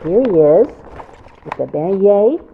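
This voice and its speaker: A woman's voice: medium pitch, lively intonation, measured pace, creaky, a little hiss or hum. A woman reading a picture book aloud to children as a storyteller, with chatty asides about the pictures. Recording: tinny phone-like sound.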